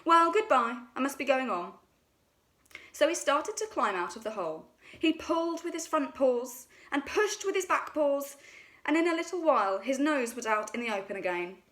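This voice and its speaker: A woman storyteller reading a children's story aloud in a gentle, expressive way. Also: sits high, normal speed.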